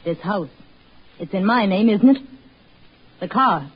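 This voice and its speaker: An actress playing a cruel, scheming wife in a 1940s radio horror drama, taunting and shrill. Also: female voice, expressive, measured pace, husky. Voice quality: taunting, shrill when frightened. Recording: muffled 1940s radio broadcast with faint hiss.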